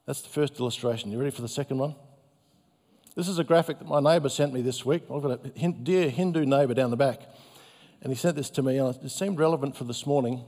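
A male pastor giving a sermon in a gentle, conversational, self-deprecating way. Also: medium pitch, quick pace. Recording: long hall reverb.

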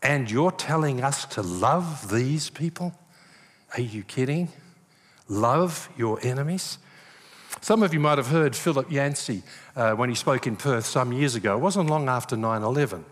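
Lively pastor in a hall. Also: male voice, mid-range voice, moderate pace. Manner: animated storyteller, acts out quoted voices. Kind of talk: sermon. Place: church hall. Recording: long reverb of a large hall.

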